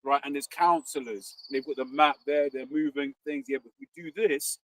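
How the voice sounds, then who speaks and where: A man's voice: a little high, fairly even intonation, a little fast, a bit bright. A man in casual chat, hesitant and searching for his words. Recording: distant mic.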